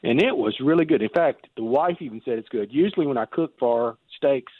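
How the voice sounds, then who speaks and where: A man's voice: mid-range voice, animated, a little fast, no room sound. A man calling in to a talk radio show, rambling and hesitant with many restarts as he speaks. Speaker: caller. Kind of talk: casual call-in chat. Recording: tinny phone line.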